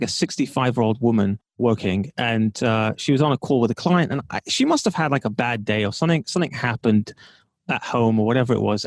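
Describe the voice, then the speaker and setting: Brief: man at mid pitch, lively storyteller who acts out conversations, dry close sound. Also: no room sound. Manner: animated, acts out quoted dialogue, laughs often. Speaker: podcast guest, entrepreneur. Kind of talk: storytelling in a casual interview.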